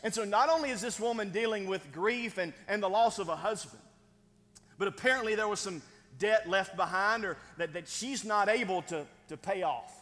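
A high-pitched male pastor delivers a sermon in an easygoing, conversational way, tossing in "right?" and little chuckles between points. His voice rings out with a long reverb, as if in a large church hall. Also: normal speed, a bit bright. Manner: conversational preaching with frequent "right?" asides and chuckles.

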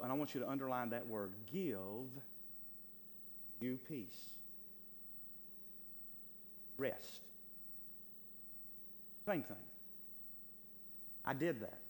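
A male pastor preaching a sermon with fervor, swinging between loud, stretched lines and hushed asides. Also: medium pitch, takes it slowly, long pauses. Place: church sanctuary. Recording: long hall reverb, faint hum.

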